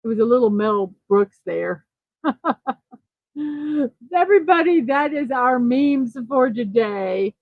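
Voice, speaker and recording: A woman's voice: a little high, expressive, slow pace, pauses often, dry recording, phone-quality sound. A woman hosting a casual livestream morning show, chatting, reading viewer comments aloud and fumbling a little with numbers.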